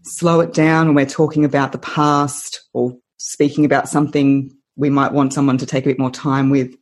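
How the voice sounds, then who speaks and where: A woman voice coach on a podcast interview, expressive and playful, laughing often and using lively analogies. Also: extremely low pitch, moderate pace, few pauses.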